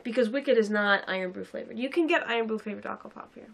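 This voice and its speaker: A woman's voice: a little high, fast talker, gravelly, a bit bright. Sarcastic young woman reviewing a film. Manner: sarcastic, rambling, fillers. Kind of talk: casual chat review.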